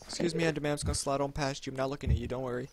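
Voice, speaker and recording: A young man hosting a casual modded gaming session, chattering excitedly to the game's creatures and laughing at his friend. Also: medium pitch, very fast, a crowd in the background. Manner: excitable, laughs a lot, chatters to game mobs. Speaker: gaming channel host. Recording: light background noise.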